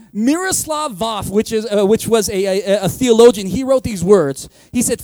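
A man's voice: high voice, mellow, no echo. A man preaching a sermon as pastor, casual and joking, acting out the voices of his listeners.

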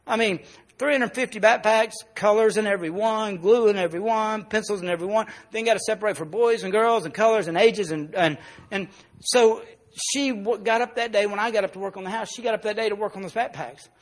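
A male pastor preaches a sermon at a brisk pace, telling a personal story. In the emotional parts, his voice drops soft and low.

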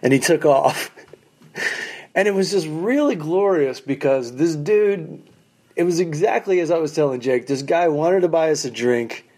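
Wry, profane comedian telling road stories. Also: male voice, fairly high pitch, moderate pace. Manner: animated, acts out quoted people in raised voices. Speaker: stand-up comedian, podcast host. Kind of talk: casual storytelling monologue. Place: basement of a condo.

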